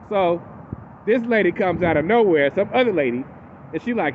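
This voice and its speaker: A man's voice: high-pitched, moderate pace, a little hiss or hum. A man animatedly recapping a TV episode in casual speech, acting out the characters as he goes. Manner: animated, acts out characters in quotes. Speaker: TV recap host. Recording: tinny phone-like audio.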